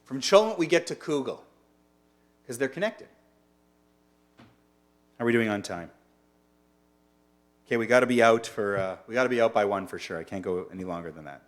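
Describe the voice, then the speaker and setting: A man's voice: fairly low pitch, expressive, normal speed, long pauses. A man teaching as a rabbi in a casual online lunch-and-learn, chatty and digressive, often asking his listeners questions.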